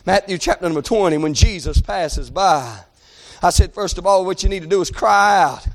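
Male preacher, very high voice, fervent sermon delivery that swells into shouts, peppered with amens. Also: normal speed. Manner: calls out "amen" and "hey" between phrases.

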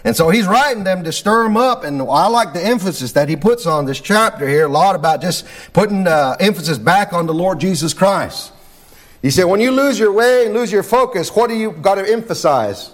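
Preacher, high-pitched man, sermon cadence with "Lord God" and "amen" refrains. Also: expressive, normal speed. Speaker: pastor. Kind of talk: sermon and prayer.

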